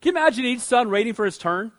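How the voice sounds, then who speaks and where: Casting: male pastor with a strikingly high voice, lively, chatty sermon delivery. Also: racing. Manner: lively, conversational preaching, asks the listeners questions.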